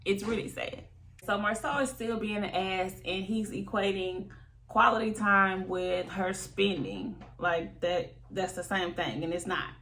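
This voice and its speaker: At a measured pace and in a mid-range voice, a woman dishes on a reality show in animated, gossipy fashion. She laughs a lot and performs people's quotes. A slight hiss or hum sits under the audio.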